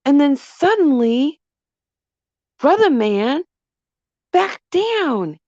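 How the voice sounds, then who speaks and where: A middle-aged woman hosts a casual chat with emphatic storytelling. Her fairly high voice leaps up and down, and she takes her time. The recording is dry and slightly lo-fi. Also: lively intonation, slow pace, a little mellow, dry recording. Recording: dull lo-fi dry audio.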